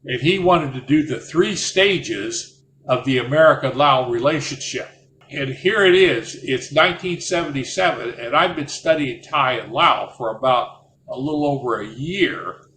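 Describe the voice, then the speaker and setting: An older retired Marine officer tells war stories as rambling anecdotes, breaking off and starting again as he goes. His voice is a little high and animated, pushed and bright, at a measured pace, in a roomy recording with faint ambience and a little hiss or hum.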